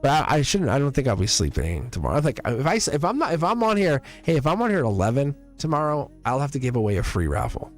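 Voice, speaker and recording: A man's voice: medium pitch, huge pitch swings, quick pace, few pauses, soft background music. A man hosting a live tarot stream in a casual, rambling way, chuckling often and joking with his viewers.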